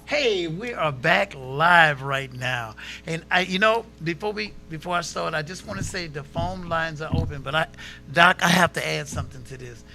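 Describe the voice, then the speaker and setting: A man's voice: fairly high pitch, normal speed, vocal fry, music in the background. A man hosting a local talk show, chatting casually and acting out the people in his stories. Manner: animated storytelling, acts out quotes.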